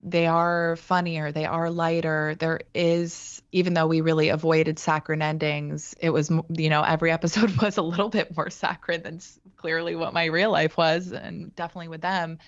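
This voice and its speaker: A woman in her thirties, a guest talking reflectively and haltingly in an interview, with frequent restarts. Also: deep voice, flat delivery, dry recording, highs cut off. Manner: thoughtful, halting, many restarts. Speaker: guest, actor and writer.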